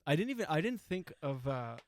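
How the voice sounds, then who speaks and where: A man's voice: fairly high pitch, very animated, fairly quick, no room sound, studio quality. A man in his forties telling a comic story, rambling and self-mocking, with lots of restarts and asides. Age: 40s. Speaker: comedian host. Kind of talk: comedic storytelling monologue.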